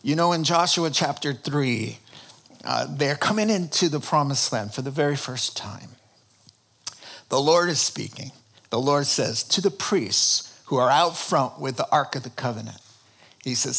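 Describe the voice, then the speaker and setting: A man preaching a sermon in an animated, humorous storytelling way, often restarting his phrases. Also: mid-range voice, measured pace, vocal fry. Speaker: pastor.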